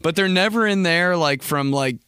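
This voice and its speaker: Man, podcast host, comedic monologue, animated, acts out voices. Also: a little high, normal speed, clean tone, no room sound, studio quality. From Indiana, United States. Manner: animated, laughs often, acts out quotes in exaggerated voices. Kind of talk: solo comedic rambling monologue.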